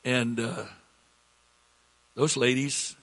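A middle-aged man preaching a sermon as pastor, slow and repetitive, rising in pitch when he presses a point. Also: level tone, a bit bright. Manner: slow, repetitive preaching, rising with emphasis, coughs between lines.

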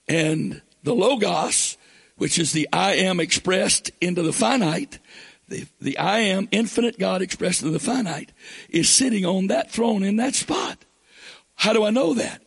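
A man delivering a fervent sermon in a notably high voice. His tone is gravelly and breathy-husky, and he reads scripture aloud between passages of explanation that build into shouts. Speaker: preacher.

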